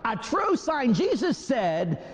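A male Catholic priest telling a story in a sermon, animated and exclaiming, swinging between hushed and loud. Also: very high-pitched, slow pace, breathy edge. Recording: echoey hall, dull lo-fi sound.

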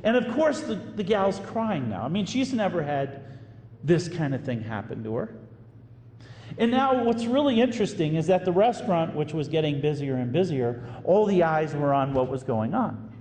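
A priest telling a story in a sermon, animated and acting out the voices of the people in it. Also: male voice, a little high, normal speed, slight background noise. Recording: echoey hall with faint room ambience.

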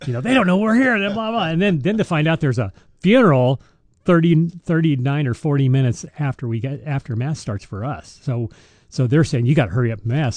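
A man's voice: medium pitch, a little mellow, no room sound. A man, a deacon, chatting casually about scripture and parish life, telling stories and laughing often. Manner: storytelling, laughs often, restarts sentences. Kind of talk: casual faith podcast chat.

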